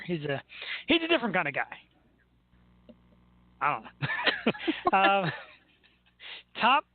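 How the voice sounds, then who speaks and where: A man from Philadelphia hosting a show, talking sports in an enthusiastic, chatty way and laughing easily. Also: high voice. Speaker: show host. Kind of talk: casual sports talk. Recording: tinny phone-like line with faint noise.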